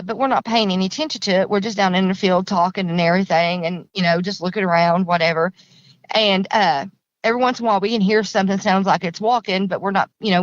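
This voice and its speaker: A woman's voice: medium pitch, no room sound, dull audio. A middle-aged woman, a guest casually telling a long story, rambling and repeating herself in plain country grammar. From Kentucky. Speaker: guest recounting an encounter.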